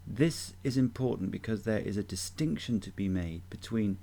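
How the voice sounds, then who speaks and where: Mellow low-voiced man teaching. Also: lively intonation, moderate pace, creaky. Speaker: voice coach. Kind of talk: instructional talk.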